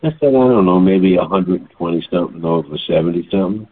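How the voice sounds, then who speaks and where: A man's voice: sits low, fast, breathy edge. Chatty older man on a tinny line. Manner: chatty, animated storytelling. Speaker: holistic health storyteller. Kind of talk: casual monologue. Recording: tinny phone-like sound.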